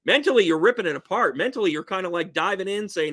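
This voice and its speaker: High-voiced man, tarot reader, exuberant, jokey, blunt, casual swearing. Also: expressive, quick pace, a bit bright. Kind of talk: casual tarot reading video.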